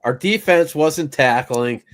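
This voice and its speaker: A man's voice: fairly high pitch, slow. Laid-back man griping about a loss. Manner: laid-back, agreeing, mild swearing. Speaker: podcast co-host. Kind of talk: casual sports chat.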